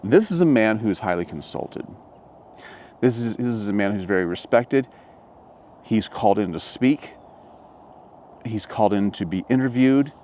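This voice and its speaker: A man with a lowish voice talks to camera outdoors in a relaxed, reflective way. His pitch rises and falls a lot as he muses, and he often trails off and restarts his sentences. A faint outdoor hum sits behind him. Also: moderate pace, pauses often. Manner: musing, rambling, with frequent restarts. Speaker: motivational vlogger. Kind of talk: casual reflective monologue.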